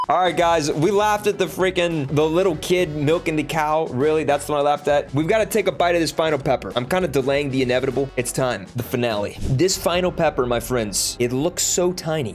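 A man streaming a hot pepper challenge, joking and reacting to clips in quick bursts, his mouth burning and his eyes watering. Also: a little high. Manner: excitable, jokey, fast bursts.

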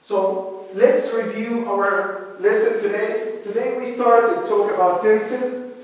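Male teacher going over grammar, slow and repetitive, echoey room, mic far off. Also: high-pitched, fairly even intonation. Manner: slow, deliberate explaining with repetition. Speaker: English teacher. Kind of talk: recorded grammar lesson.

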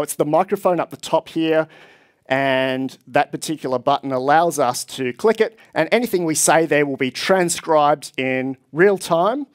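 A man giving a technical conference presentation on stage, explaining with enthusiasm and speaking to a live audience. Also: fairly high pitch.

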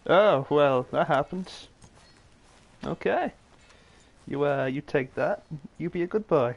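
A man's voice: a little high, animated, takes it slowly, gravelly, long pauses. A man streaming a video game, making sarcastic jokes and mumbling to himself as he plays. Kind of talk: live gameplay commentary.

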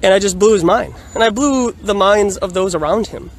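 A man casually telling a story in a vlog, animated and laughing often, recorded outdoors on a phone. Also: high voice, moderate pace. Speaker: vlogger. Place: outdoors in a busy urban area. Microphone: phone on a selfie stick. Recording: outdoor street noise.

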